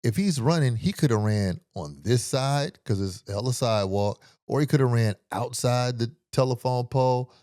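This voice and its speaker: Animated, profane Bay man telling a story. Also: medium pitch, normal speed, few pauses, no room sound, clean studio sound. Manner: animated, profane, uses vocal sound effects. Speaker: podcast host. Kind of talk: storytelling commentary.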